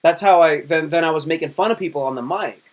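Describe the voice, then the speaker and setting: A man in his thirties hosting a live stream, chatting casually and telling lively stories with many fillers. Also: on the high side, quick pace. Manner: animated storyteller, many fillers. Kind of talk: casual chat.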